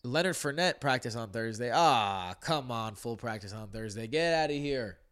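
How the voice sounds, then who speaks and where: A man's voice: medium pitch, normal speed, fairly bright tone. A man hosting a casual fantasy football podcast, running through injury news with joking asides.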